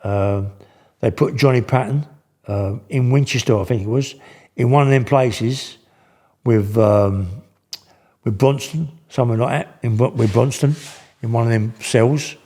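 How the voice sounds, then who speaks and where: An older man tells a story in loose, slangy speech, restarting his sentences often. His voice sits at an ordinary middle pitch. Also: a little slow, mellow. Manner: rambling, slangy, full of restarts. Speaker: guest. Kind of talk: casual storytelling.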